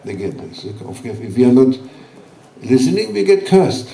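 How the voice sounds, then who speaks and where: A man giving a sermon at a religious gathering, speaking gently and teasingly in broken English to reassure his listeners. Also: mid-range voice, big pitch swings, a little slow, vocal fry. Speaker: sheikh giving a religious talk. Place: large hall at a gathering. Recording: roomy hall, voice from far off.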